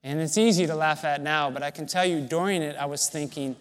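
A man's voice: a little high, a little fast, big-room sound. A man preaching a sermon, telling a personal story in a conversational, self-deprecating way. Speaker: pastor.

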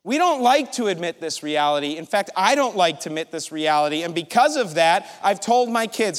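A middle-aged man preaching a sermon, animated and storytelling, acting out his own thoughts. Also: a little high, a little fast, hardly any pauses. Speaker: pastor. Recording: large hall reverb.

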